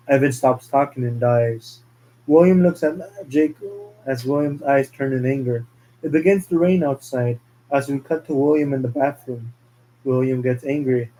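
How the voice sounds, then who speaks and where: A man's voice: medium pitch, moderate pace, dark tone, low-quality recording. A man narrating a fan story, reading scene directions plainly with occasional slips.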